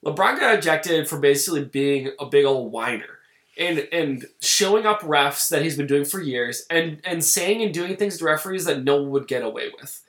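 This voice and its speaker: A man's voice: fairly high pitch, animated, moderate pace, fairly bright tone. Exasperated male podcast co-host, echoey room. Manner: blunt, exasperated, swears casually. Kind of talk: casual podcast chat.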